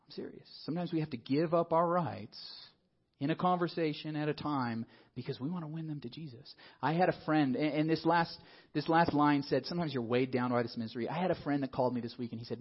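A man preaching a sermon in a lively, conversational way, often asking the congregation questions. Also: on the high side, fast, slightly rough, highs cut off. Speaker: pastor.

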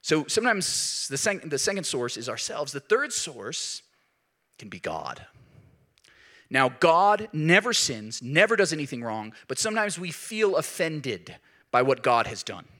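Animated male preacher in his thirties, bright and slightly high voice, building to emphatic peaks. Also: unhurried. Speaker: pastor. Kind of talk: sermon.

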